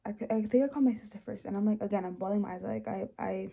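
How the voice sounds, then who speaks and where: A young woman sharing a personal testimony, speaking emotionally with many restarts and fillers, dropping soft and rising louder. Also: rapid-fire, creaky, slightly rough. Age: young adult. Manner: swings between soft low passages and louder rises. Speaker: host.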